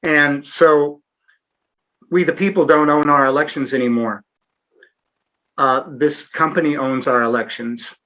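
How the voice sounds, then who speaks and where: A man's voice: fairly high pitch, steady tone, a little slow, pauses often, bright, forceful tone, muffled recording. A middle-aged man hosting a live online Q&A, talking earnestly with sarcastic asides and frequent fillers. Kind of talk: casual livestream interview.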